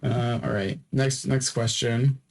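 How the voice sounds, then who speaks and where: A man's voice: mid-range voice, steady tone, slow, gravelly, darkish tone, slight background noise, rough recording. Drowsy man rambling on a podcast. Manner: repeats words and phrases, stammering restarts; drowsy, yawning between topics. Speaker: podcast host. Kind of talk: casual rambling podcast monologue.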